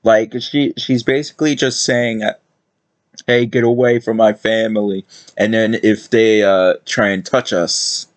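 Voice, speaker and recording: A man's voice: fairly low pitch, steady tone, measured pace, dry recording. A man giving casual reaction commentary, rambling and hesitant with many fillers. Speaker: video reactor.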